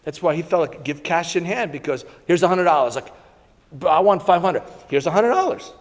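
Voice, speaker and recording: A middle-aged man born in Italy, giving a lunchtime talk and telling animated anecdotes with laughter. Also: fairly high pitch, a little fast. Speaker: guest speaker. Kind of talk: storytelling talk to an audience. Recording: long reverb in a hall.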